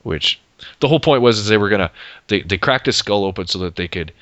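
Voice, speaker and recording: A man with a very deep, bright-edged voice rambles loosely through comics chat as a podcast host. The mic is dry and a little dull. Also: expressive, quick pace, no echo. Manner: rambling, swears, laughs often. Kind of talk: casual chat.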